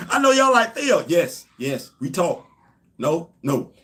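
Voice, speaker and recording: A man hosting a casual livestream, talking straight to viewers and hammering his points with repetition. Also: sits high. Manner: emphatic, repeats points, addresses viewers directly. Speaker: host.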